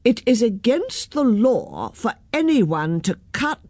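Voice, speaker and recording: Woman reader doing a commanding storybook mayor, slow and husky, dry close sound. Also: fairly high pitch, big pitch swings, dry recording, exaggerated voice. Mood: firm. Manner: loud and commanding. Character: bossy, booming woman mayor. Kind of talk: storybook read-aloud.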